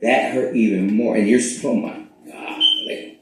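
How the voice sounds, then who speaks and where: A man hosting his own spiritual channel, rambling in a profane, casual monologue that swings between loud bursts and hushed asides. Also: fairly low pitch, fairly even intonation, moderate pace, background noise. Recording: very echoey room.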